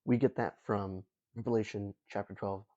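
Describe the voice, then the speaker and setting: A young man telling the story in an easygoing, jokey way, tossing in slang and asides as he goes. His voice sits a bit low and sounds soft and mellow. The recording is dull and lo-fi. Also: steady tone, moderate pace. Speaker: host. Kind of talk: casual storytelling lesson.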